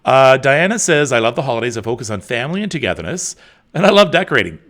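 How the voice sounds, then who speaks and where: A man's voice: mid-range voice, fast talker. A middle-aged man hosting a live stream, reading viewer comments in a chatty way with many fillers. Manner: animated, chatty, with frequent fillers. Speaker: host.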